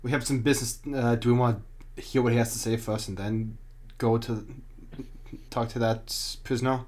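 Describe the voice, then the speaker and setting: A man's voice: mid-range voice, little pitch movement, moderate pace, darkish tone. A man playing a tabletop game, earnest and insistent in character. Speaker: player. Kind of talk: in-character tabletop role-play.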